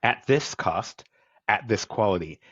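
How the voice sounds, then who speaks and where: Male podcast host, lowish voice, enthusiastic and rambling, dry dull remote sound. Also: animated, measured pace, a bit bright, breathy edge, dry recording. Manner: enthusiastic, rambling, acts out quotes. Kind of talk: conversational interview.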